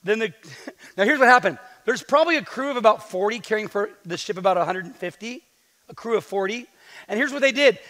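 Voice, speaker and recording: A man preaching a sermon as pastor, lively and joking with playful asides to the congregation. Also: very high voice. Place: church sanctuary. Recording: long hall reverb in a church.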